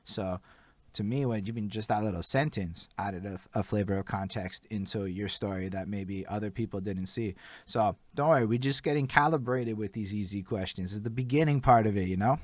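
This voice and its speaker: Talky guy hosting a stream interview, lowish voice, dead dry mic. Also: a little fast, dry recording. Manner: chatty, enthusiastic, talks to a live chat. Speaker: host. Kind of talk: casual interview talk.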